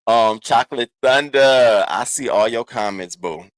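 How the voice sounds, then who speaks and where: Brief: male livestream host, AAVE, lively and profane, greeting viewers one by one, dry room. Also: medium pitch, unhurried, no echo. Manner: animated, profane, shouting out chat names. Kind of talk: casual livestream chat.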